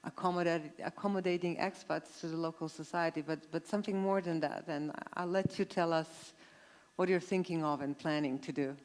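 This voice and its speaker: A woman's voice: low-pitched, steady tone, a little fast, a little mellow. Hesitant woman moderating a panel. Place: conference stage.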